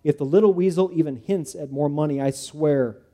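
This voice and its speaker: A male preacher reading the lines of an angry, suspicious man confronting a tax collector, in sharp, agitated outbursts. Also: on the high side, fairly quick, natural voice.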